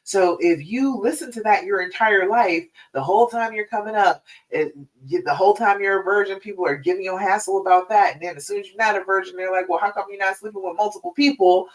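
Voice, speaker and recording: A woman hosts a live stream as a relationship coach, speaking in an easygoing, chatty way. She keeps checking in with her listeners with a quick "all right?" Her voice sits a little back from the microphone. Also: mid-range voice, far from the mic, low-quality recording.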